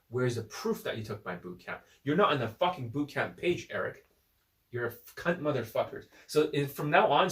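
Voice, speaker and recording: A man's voice: mid-range voice, fairly bright tone, reverberant, distant mic. Profane, combative man ranting into a phone. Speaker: dating coach. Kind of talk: unscripted rant to camera.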